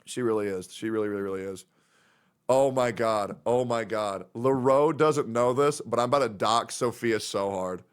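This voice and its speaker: A man's voice: normal speed, clean tone. Man, 30s, streamer; casual, rambling, emotional. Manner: rambling, emotional, puts on high voices when quoting friends.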